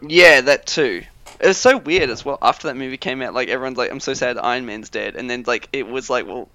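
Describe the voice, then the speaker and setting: A man co-hosting a podcast, chatting casually with lots of fillers and quick laughs. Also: medium pitch, sharp tone, dry recording. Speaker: podcast co-host. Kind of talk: casual chat.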